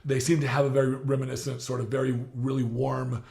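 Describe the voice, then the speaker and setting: Gravelly-voiced man hosting a casual chat. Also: mid-range voice, level tone, quick pace, darkish tone. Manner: rambling, laughs often, many restarts. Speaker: podcast host.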